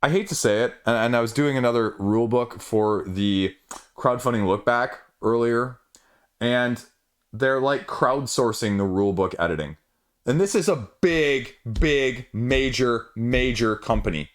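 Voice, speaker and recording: A man's voice: medium pitch, moderate pace. Male host for a solo board game commentary video, loose and chatty, talks off the cuff. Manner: rambling, animated, off-the-cuff asides.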